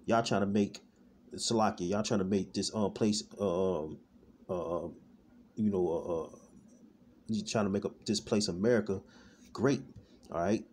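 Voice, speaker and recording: A man's voice: low-pitched, normal speed, long pauses, darkish tone, slight background noise. A man giving an informal online sermon in a loose, repetitive way, often stopping and restarting as he searches for words. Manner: loose, repetitive, peppered with "man" and "all right". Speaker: street-style preacher.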